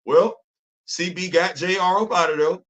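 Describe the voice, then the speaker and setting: In a muffled recording, a high-voiced male host speaks at a normal speed. His monologue is loose and lively, in informal African American Vernacular English, and he plays out imagined exchanges.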